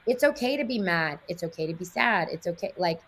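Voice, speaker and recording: A woman's voice: lowish voice, lively intonation, fairly quick, a bit bright. A woman in her thirties speaks as a guest in a casual podcast chat, frank and earnest. Her talk runs loose and candid, and faint noise sits under her voice. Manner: frank, earnest, talks in quoted asides to her kids.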